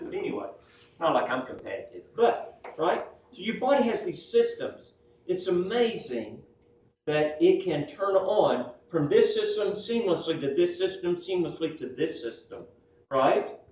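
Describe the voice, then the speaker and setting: In an unhurried, expressive, high voice with a darkish tone, a man lectures his class. He sprinkles in personal anecdotes and keeps asking "right?" and "yes?" in a chatty way. The recording sounds roomy and distant, with faint room noise.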